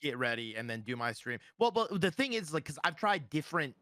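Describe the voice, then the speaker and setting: A man's voice: on the high side, very animated, a little fast, pushed and bright, no room sound, clean studio sound. A man guest on a podcast, chatting casually with lots of fillers and restarts. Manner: rambling, many fillers and restarts. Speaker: streamer guest.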